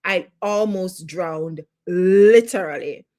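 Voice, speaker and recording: A woman's voice: lowish voice, takes it slowly, a little mellow. Woman coach, Jamaican accent, live online lesson; emphatic, builds points through repetition. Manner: emphatic, repeats phrases for effect. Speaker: life coach.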